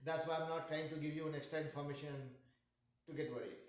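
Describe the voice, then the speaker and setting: Indian-accented math teacher, echoey room. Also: male voice, a little high, steady tone, quick pace. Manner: patient, jokey, checks in with "yeah?". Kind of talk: online class teaching.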